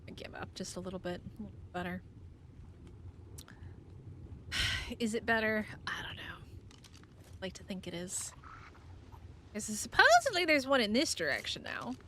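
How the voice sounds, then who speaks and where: A woman's voice: medium pitch, sing-song, moderate pace, long pauses, sharp tone, slight background noise. A woman streaming a survival game, giving casual commentary and playfully chatting to creatures and viewers.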